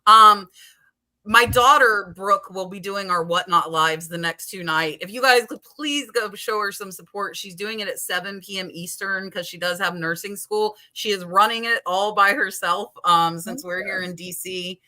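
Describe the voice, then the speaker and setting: A woman in her forties hosts a live chat stream, talking with animated energy. She acts out her own thoughts in quick asides. Her voice has a bright, forceful edge. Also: mid-range voice. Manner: animated, quotes her own inner talk. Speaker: podcast host.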